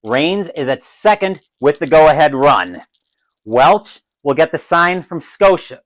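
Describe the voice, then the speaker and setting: A man calling a tabletop dice baseball game as a solo play-by-play announcer, who gets loud and excited on big plays. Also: a little high, slow, poor audio. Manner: adds his own crowd cheers.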